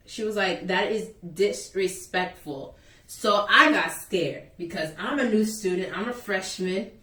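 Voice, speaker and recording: A woman's voice: mid-range voice, normal speed, pushed and bright. A young woman vlogger animatedly retelling a school story in a casual, exasperated way. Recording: echoey room, voice a bit far from mic.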